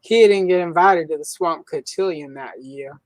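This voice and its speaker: A low-pitched woman from the American South chats casually as a show host, spinning joking stories with an easy drawl. Her voice sits close and dry, with almost no room sound around it. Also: normal speed, a little mellow, no echo, rough recording. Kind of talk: casual podcast chat.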